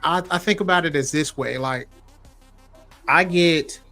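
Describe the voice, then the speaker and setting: A man on a podcast, talking casually about wrestling with friends. His voice sits a bit high, and he gets loud and emphatic when he makes a point. Faint music plays underneath. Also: a little slow. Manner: animated, emphatic and laughing. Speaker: podcast co-host. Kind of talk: casual chat.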